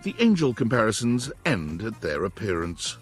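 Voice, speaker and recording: Game narrator: husky, wry, expressive, faint music bed. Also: male voice, lowish voice, normal speed. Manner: wry, descriptive second-person narration. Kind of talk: scripted narration.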